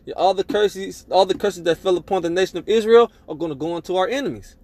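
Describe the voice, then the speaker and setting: A man's voice: high voice, quick pace, few pauses, a little mellow, no echo. A man preaching a sermon, reading scripture aloud and driving each point home with "man" and "all right?". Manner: emphatic, tags lines with "man" and "all right?".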